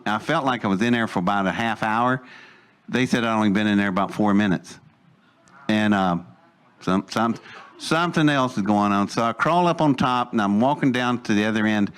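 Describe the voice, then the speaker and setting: A man's voice: mid-range voice, fairly bright tone, smooth. A man recounts a long personal story. He tells it with plenty of energy and acts out every voice he quotes along the way. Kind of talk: storytelling anecdote.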